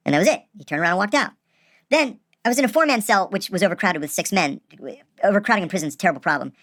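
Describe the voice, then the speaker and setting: A man casually telling a personal story, animated and acting out the people he quotes. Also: fairly high pitch, no room sound, clean studio sound. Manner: animated, acts out quoted voices.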